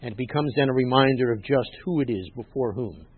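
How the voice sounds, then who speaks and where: Rabbi delivering a sermon, slightly husky, emphatic swells, tinny phone-like sound. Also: male voice, mid-range voice, fast talker. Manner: emphatic, rises loud on scripture quotes, teacherly asides.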